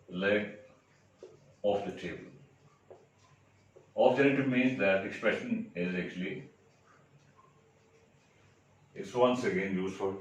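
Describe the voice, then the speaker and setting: A man teaching an English grammar lesson, explaining step by step, repeating examples and checking with "right?". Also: on the low side. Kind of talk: classroom lecture. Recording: echoey room, mic far off.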